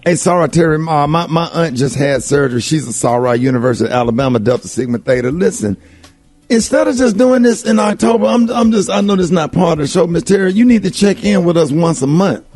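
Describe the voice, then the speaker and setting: Man, radio morning host, high and excitable, music faint behind. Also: quick pace, no echo. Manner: animated, repeats words when excited. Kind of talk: excited radio show banter.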